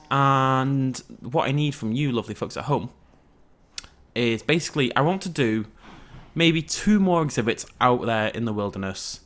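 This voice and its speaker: A brisk man with a mid-range, slightly bright voice hosts a let's play, giving casual, rambling gameplay commentary. He's chatty and self-mocking, talking directly to his viewers.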